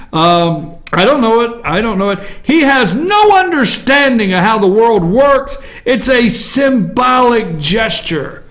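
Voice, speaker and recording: Combative high-voiced male talk host. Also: fairly bright tone. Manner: combative, repeats "okay?" often. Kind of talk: opinion talk show monologue.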